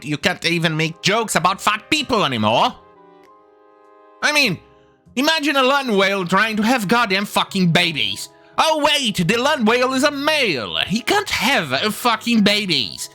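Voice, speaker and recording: Sharp-voiced, profane ranting man. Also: sits high, big pitch swings, moderate pace, soft background music. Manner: stumbles and restarts often. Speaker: commentary channel host. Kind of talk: ranting video commentary.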